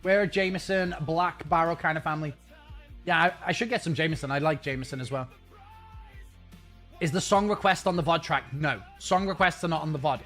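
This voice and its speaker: A man's voice: a little high, a little fast, fairly bright tone, soft background music. A man streaming a game and chatting casually with his viewers in a rambling, self-mocking way.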